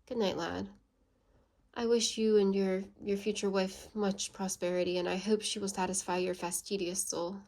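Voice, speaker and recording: A woman voicing a blunt, proud and sarcastic English gentleman in a storybook reading, with a scolding manner. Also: mid-range voice, steady tone, moderate pace, natural voice.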